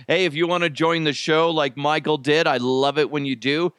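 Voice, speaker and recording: A man's voice: fairly high pitch, fairly bright tone, clear, resonant tone, dry recording, clean studio sound. A man hosting a casual solo podcast, chatty and self-deprecating, laughing often as he talks. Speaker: podcast host.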